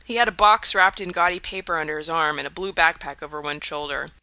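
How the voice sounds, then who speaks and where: An audiobook narrator telling a first-person story in a wry, measured way on a close mic. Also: medium pitch, pushed and bright, clear, resonant tone.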